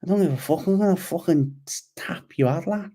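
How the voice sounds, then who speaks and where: A man's voice: fairly high pitch, a little fast, mellow, pitched above the performer's own voice, natural voice. A man putting on the voice of a brash male fighter with a thick Scouse accent, swearing and taunting an opponent. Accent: Scouse, put on. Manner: profane, taunting, keyed-up.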